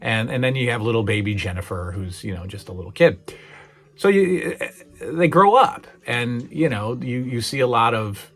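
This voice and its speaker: A man's voice: medium pitch, expressive, normal speed, a bit bright. A middle-aged man hosting his own channel, rambling earnestly in a nostalgic, casual chat. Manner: rambling, earnest, many fillers. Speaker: channel host.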